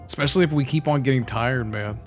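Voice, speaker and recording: A man talks casually through a gaming livestream, rambling and swearing. He cheers at the game now and then. His pitch sits in the middle, and soft music plays underneath. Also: fast. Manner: loose, chatty and profane, cheering at the game. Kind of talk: casual chat over gameplay.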